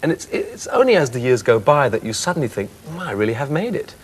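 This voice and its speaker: A man in his fifties, a singer guest on a chat show, reflecting candidly on his career in a thoughtful, soft-spoken way. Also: mid-range voice, sing-song, fast, slightly rough.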